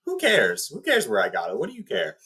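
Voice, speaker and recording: A man's voice: mid-range voice, huge pitch swings, brisk, bright, forceful tone, breathy edge, voice pushed up, exaggerated voice. A man voicing a bratty, spoiled young mobster's son with a brash, petulant manner while casually retelling a movie.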